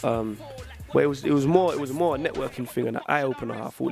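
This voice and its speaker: A man's voice: medium pitch, fast, vocal fry, darkish tone, soft background music. A young man from England, a rapper chatting casually in an interview, full of street slang and "you know what I'm saying". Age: young adult.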